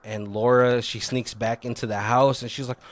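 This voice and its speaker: A man's voice: mid-range voice, level tone, moderate pace. A man on a podcast casually recapping a film's plot, rambling with lots of "like" and frequent swearing. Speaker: podcast co-host. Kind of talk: casual movie recap chat.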